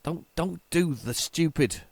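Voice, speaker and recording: A man giving casual, excitable, self-mocking commentary while playing an old computer game. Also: on the high side, unhurried, vocal fry, no echo. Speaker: retro game tape reviewer.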